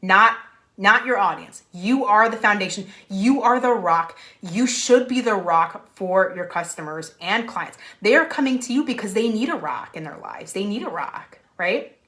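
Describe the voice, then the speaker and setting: A young adult woman, a business coach on a live stream from a room at home, energetic and often asking "right?". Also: medium pitch, normal speed. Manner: energetic, repeats "right?", laughs.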